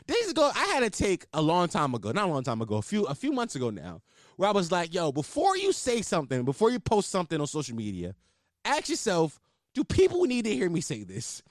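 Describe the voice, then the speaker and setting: Young man, podcast host, high lively voice, dry close sound, profane comic riffing. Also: fairly quick, no room sound. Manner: animated, profane, laughing riffs. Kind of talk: casual comedic commentary.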